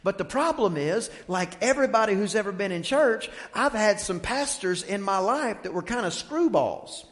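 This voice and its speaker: A male pastor preaching a sermon, high-pitched and ringing. He moves from soft, measured talk to fervent, shouted storytelling. The sound carries the long reverb of a church hall. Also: lively intonation. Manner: builds from quiet to shouting fervor, storytelling. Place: church sanctuary.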